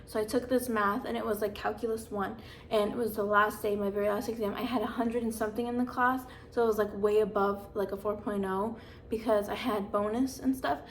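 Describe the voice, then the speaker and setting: A woman's voice: medium pitch, steady tone, fairly quick, a little hiss or hum. A woman in her twenties vlogging, telling personal stories in a chatty, dramatic way full of fillers. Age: 20s. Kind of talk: casual storytelling.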